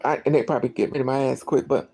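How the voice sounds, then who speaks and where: A vlogger talking straight to the camera in a loose, rambling monologue, with a gravelly, fry-edged voice. The tone is dark and mellow, and the delivery keeps restarting sentences and slipping into acted-out dialogue. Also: medium pitch, rapid-fire. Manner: rambling, animated, acts out dialogue, many restarts. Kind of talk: casual storytelling monologue.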